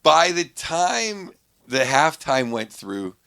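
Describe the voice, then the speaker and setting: A man's voice: fairly high pitch, sing-song, slow pace, creaky, bright, forceful tone. A middle-aged man from Pittsburgh, a guest comedian telling a rambling anecdote on a podcast, full of restarts. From Pittsburgh, USA. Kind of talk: casual storytelling on a podcast.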